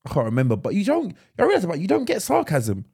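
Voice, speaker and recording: A man's voice: sits high, huge pitch swings, fast talker, creaky, darkish tone, breathy edge. A man co-hosting a podcast, teasing his friend in crude casual banter and laughing often. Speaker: podcast co-host.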